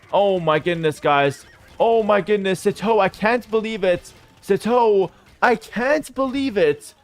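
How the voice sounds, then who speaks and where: A man streaming live esports commentary, talking straight to his chat, firing off quick play-by-play and breaking into excited outbursts. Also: fairly high pitch, no echo. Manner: chats to viewers as "guys". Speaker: streamer casting a game.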